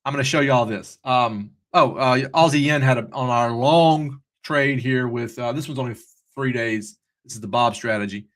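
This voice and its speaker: A man's voice: medium pitch, normal speed, fairly bright tone. A man hosting a live trading stream, chatty and upbeat, easily sidetracked as he talks through charts. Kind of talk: casual live-stream commentary.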